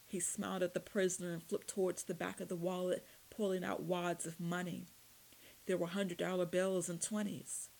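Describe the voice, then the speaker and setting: Woman narrating a dark audiobook. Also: on the low side, fairly even intonation, moderate pace, rough recording.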